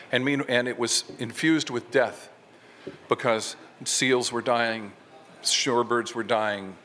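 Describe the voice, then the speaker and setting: A man's voice: medium pitch, a bit bright, a little hiss or hum. An older man, a fisherman poet, telling a plain story and then reading his poems aloud at a live reading. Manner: plainspoken storytelling with wry asides. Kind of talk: poetry reading with spoken story. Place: brewery stage.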